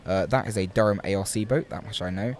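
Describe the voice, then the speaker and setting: A man's voice: fairly low pitch, fast talker. A young man commentating live at an outdoor rowing regatta, chatty and playful with wordplay.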